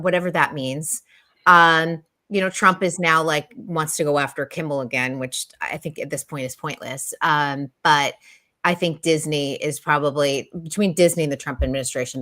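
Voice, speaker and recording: A woman's voice: low-pitched, pushed and bright. A woman co-hosting a casual panel chat, explaining things in a confident, matter-of-fact way. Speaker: co-host.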